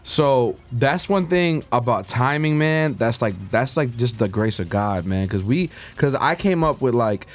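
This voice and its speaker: A man's voice: mid-range voice, animated, measured pace, few pauses. A young man, a guest DJ and talent scout, chatting loosely in an interview and leaning on "like" and "man" as he talks. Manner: loose, rambling, heavy on "like" and "man". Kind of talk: casual interview chat.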